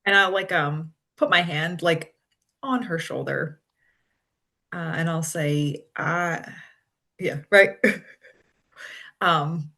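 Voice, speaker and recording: A tabletop player describing their character's actions slowly and hesitantly, with many fillers. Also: mid-range voice, bright, forceful tone. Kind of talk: in-character tabletop role-play.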